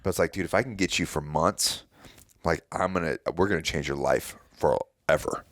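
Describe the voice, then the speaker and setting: Forties male host: low gravelly voice, blunt and rambling, dry close sound. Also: normal speed, no room sound. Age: 40s. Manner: blunt, rambling, searches for words. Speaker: podcast host. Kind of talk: casual chat.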